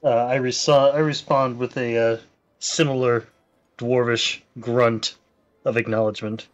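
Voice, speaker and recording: Male player, in-character role-play, steady mid voice, lots of uh's. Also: medium pitch, unhurried, highs cut off.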